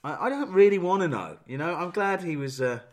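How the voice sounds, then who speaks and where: A man's voice: sits high, expressive, a little fast. A man co-hosting a casual chat about strange records, wry and jokey. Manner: wry, jokey, acts out voices mockingly. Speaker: radio show co-host.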